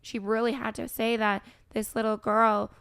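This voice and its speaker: A young woman hosting a podcast, talking candidly and emotionally, with halting restarts and some swearing. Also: a little high, little pitch movement, fairly bright tone, clear, resonant tone. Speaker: podcast host, grieving mother. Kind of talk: candid conversation.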